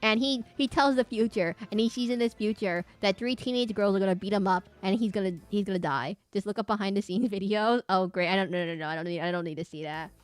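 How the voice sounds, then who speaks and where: A woman's voice: mid-range voice, quick pace, hardly any pauses, no room sound. A woman streamer chatting casually with her live audience, rambling with lots of fillers and restarts.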